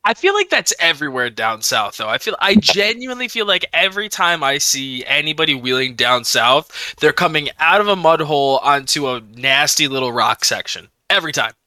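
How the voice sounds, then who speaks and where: A man's voice: on the high side, animated, brisk, hardly any pauses, pushed and bright, dry recording. A man hosting a podcast, chatty and self-deprecating, swearing casually. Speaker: podcast host. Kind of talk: casual chat.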